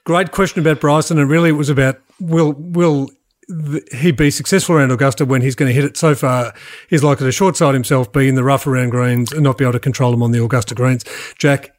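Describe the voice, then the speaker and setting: A man's voice: medium pitch, fairly even intonation, fast talker. A man co-hosting a sports podcast in casual chat, self-deprecating and tripping over his words. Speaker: podcast co-host.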